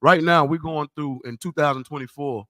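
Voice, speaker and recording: A man with a bright, fairly high voice speaks in a casual discussion, agreeing often and tagging his phrases with "man." The recording is dry. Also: a little fast, dry recording.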